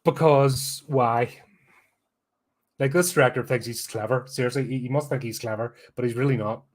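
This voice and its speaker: A man's voice: mid-range voice, normal speed. A man with a Belfast accent, hosting a podcast, giving a blunt, sarcastic, sweary film review rant. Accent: Northern Irish, Belfast.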